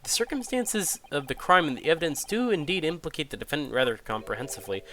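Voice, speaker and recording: A man's voice: fairly high pitch, lively intonation, fast talker, pushed and bright, slight background noise. A man voicing a formal older judge presiding over a court, with stately courtroom phrasing.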